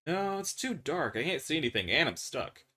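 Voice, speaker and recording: A terrified young prisoner stuck underground, as a man voices him, his pitch jumping up and down as he stammers and pleads to be pulled free. The voice sits well above the reader's own and gets loud and frantic. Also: sing-song, moderate pace, heavily acted. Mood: scared. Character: panicked trapped male prisoner, young adult.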